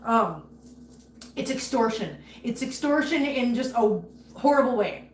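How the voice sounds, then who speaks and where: An angry woman rants on a casual livestream, though she warmly greets viewers by name. Her fairly high, animated voice is unhurried, and the echoey room adds faint ambience and slight background noise.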